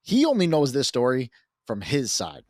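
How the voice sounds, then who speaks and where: A man hosting a casual podcast, telling a story in an animated, profane way. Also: medium pitch, normal speed, no echo, studio quality. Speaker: podcast host.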